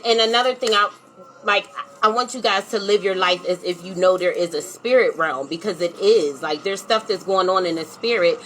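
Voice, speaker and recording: A woman's voice: mid-range voice, a bit bright, a little hiss or hum, rough recording. A woman, talking earnestly to her live-stream viewers as a spiritual coach and asking "right?" again and again. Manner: earnest, repeats herself, says "right?" and "like" often. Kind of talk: casual heartfelt live-stream talk.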